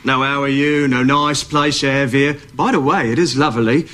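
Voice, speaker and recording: An actor playing an awkward, lovesick British boyfriend in a sitcom clip, using an exaggerated fake Cockney accent. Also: male voice, medium pitch, steady tone, normal speed, fairly bright tone, lightly acted. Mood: bumbling. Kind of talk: sitcom dialogue. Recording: TV clip with audible background noise.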